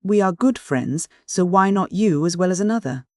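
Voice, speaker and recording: A reader speaking as a young woman in a classic mystery audiobook, cool and blunt with her neighbor. The voice sits at a middle pitch. The recording is dry and close. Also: lively intonation, normal speed, a little mellow, no echo, natural voice. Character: cool, frank young woman, engaged to be married. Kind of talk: audiobook dialogue reading.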